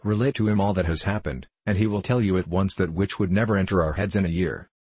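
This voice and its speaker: A man's voice: sits low, quick pace, a little mellow, slightly rough, dry recording. A man voicing an older village mother who gives advice in a motherly, self-assured way. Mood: advising. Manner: motherly, advising.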